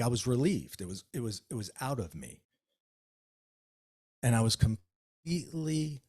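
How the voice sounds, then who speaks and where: A man, an author guest, telling a personal story in an interview with lively, acted-out dialogue. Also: medium pitch. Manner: animated storyteller, acts out dialogue.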